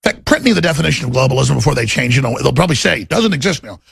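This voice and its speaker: Gravelly, husky ranting talk radio man. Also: expressive, very fast, fairly bright tone. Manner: intense, ranting, swings to menacing low growls in acted quotes. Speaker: radio talk show host. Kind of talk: political talk radio monologue.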